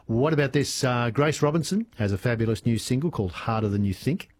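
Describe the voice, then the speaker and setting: A man's voice: mid-range voice, expressive, a little fast, a little mellow. An Australian man hosting talkback radio, chatty and hesitant, with lots of fillers. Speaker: radio host.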